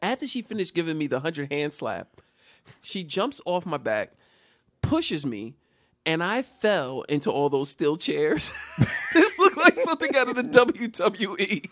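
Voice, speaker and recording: Animated man telling a funny story. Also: on the high side, a little slow, no echo. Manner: animated, laughs often, acts out the voices and sounds of others. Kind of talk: comedic storytelling.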